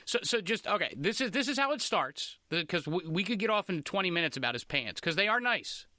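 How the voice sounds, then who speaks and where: A man hosting a comedy podcast, riffing in a casual, animated, mock-indignant way with crude jokes. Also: sits high, a little fast, no echo. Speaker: podcast host.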